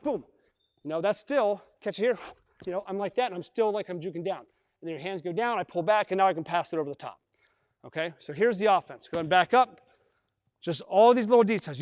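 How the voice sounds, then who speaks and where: At a live clinic in a large indoor gym, a man with a high voice coaches basketball, talking through drills and repeating himself as he demonstrates with players. The sound is studio quality, with the long reverb of a gym hall.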